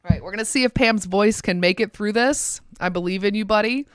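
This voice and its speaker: A woman's voice: mid-range voice, brisk, clear, resonant tone, dry recording, studio quality. A woman co-hosting a chatty podcast, upbeat and giggly as she quizzes her co-host. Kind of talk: casual podcast chat.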